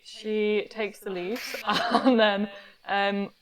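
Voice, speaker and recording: A woman's voice: mid-range voice, steady tone, extremely slow, low-quality recording. A woman player in a tabletop game, describing her character's actions casually.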